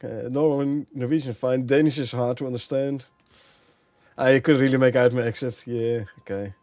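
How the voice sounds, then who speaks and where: A man's voice: mid-range voice, steady tone, moderate pace, a little mellow, dry recording. A man from the Netherlands with a Dutch accent, streaming a game and chatting with viewers, thinking aloud and laughing often. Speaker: gameplay streamer. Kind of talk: casual live-stream commentary.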